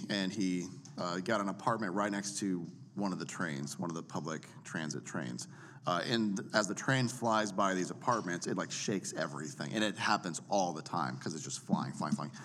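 Casual male speaking coach, lowish voice, animated, swings his pitch to demonstrate. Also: moderate pace. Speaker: preaching coach. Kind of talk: casual teaching chat.

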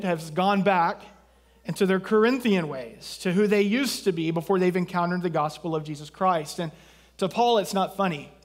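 A man from southeast Texas preaching a sermon as pastor, in a conversational way with jokes and asides. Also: sits high.

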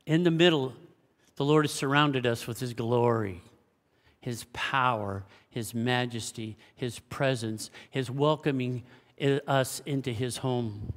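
A man preaching a sermon as pastor, swinging between loud exclamations and hushed, low passages. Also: slow. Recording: long hall reverb.

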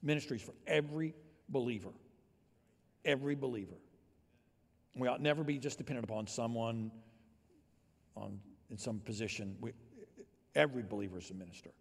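A male pastor delivers a sermon in a husky, slightly breathy voice of middling pitch. His delivery moves between hushed, intimate near-whispers and loud, emphatic declarations. The sound carries the long reverb of a church hall. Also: fairly quick, long pauses.

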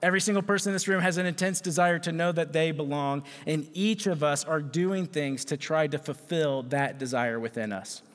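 A man giving an animated, self-mocking talk with stories to a crowd, on a handheld microphone in a large hall. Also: fairly high pitch, moderate pace, few pauses. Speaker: youth speaker. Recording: echoey hall.

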